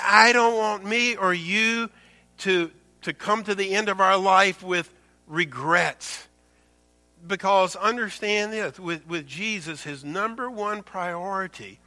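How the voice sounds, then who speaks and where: A man's voice: high-pitched, pushed and bright. A man preaching a sermon to his congregation, quoting scripture and building his points with shifting intensity. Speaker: pastor.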